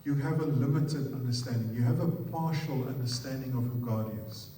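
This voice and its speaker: A pastor with an Afrikaans accent preaching a sermon, putting weight on words and repeating them in threes, often putting questions to the congregation. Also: male voice, medium pitch, moderate pace, dark tone, a little hiss or hum. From South Africa. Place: church hall. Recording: echoey hall, picked up from far off.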